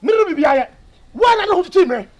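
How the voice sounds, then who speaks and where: An actor playing a shrill, excitable comic character who chants the same words over and over. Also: rapid-fire. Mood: excited. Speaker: film character.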